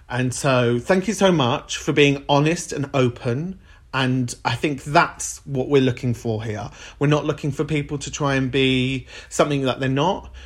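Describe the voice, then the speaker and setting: A man hosting a podcast, talking in a campy, affectionate way to his callers. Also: medium pitch. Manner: warm-hearted, campy, calls people babes and sweet pea. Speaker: podcast host. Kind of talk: casual podcast chat.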